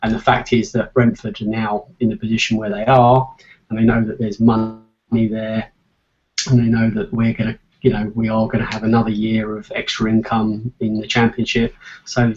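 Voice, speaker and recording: A man's voice: fairly low pitch, monotone, normal speed, darkish tone, highs cut off. An English man co-hosting a casual football podcast, opinionated and full of stammering restarts. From England. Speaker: podcast co-host.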